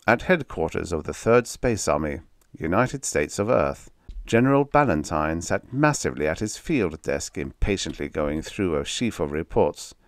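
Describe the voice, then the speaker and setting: A man with a very deep voice reads a science fiction story aloud in a steady, measured way. The recording is close and dry, with no room sound. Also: dry recording. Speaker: narrator. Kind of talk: scripted audiobook narration.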